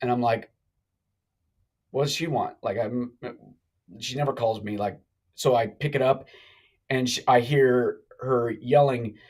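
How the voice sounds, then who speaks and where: A middle-aged man telling a long story on a live talk show, animated and rambling, with many restarts. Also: medium pitch, unhurried, poor audio. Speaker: guest.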